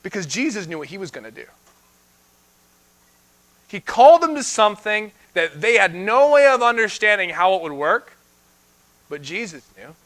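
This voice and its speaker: An animated young man delivers a sermon, his voice pitched high for a man and bright with a forward edge. He laughs often and slips into quick voices for the people in the story. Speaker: pastor.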